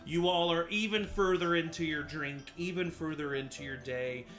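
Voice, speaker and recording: Game master man, higher voice, faint music. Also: moderate pace, fairly bright tone. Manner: many ums and uhs, laughs easily. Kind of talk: narrating a tabletop game.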